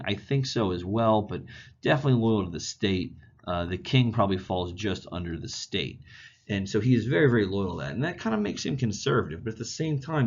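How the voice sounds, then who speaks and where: A man's voice: fairly low pitch, husky, highs cut off. A male history teacher giving a casual, chatty classroom lecture. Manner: casual, chatty, animated storytelling.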